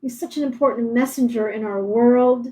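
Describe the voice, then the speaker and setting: A woman's voice: fairly high pitch, normal speed, warm tone, poor audio. A woman hosting a live-streamed interview, talking in a reassuring, encouraging way with some restarts. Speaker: podcast host.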